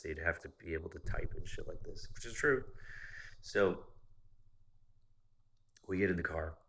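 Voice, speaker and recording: A young man casually telling a long story, swearing often and acting out what others said. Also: rumbling low. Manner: profane, animated retelling of a story.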